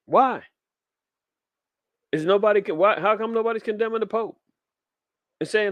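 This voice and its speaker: A man's voice: sits high, moderate pace, pauses often, no room sound, highs cut off. A man, preaching fiery commentary on the news in street slang. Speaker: podcast host.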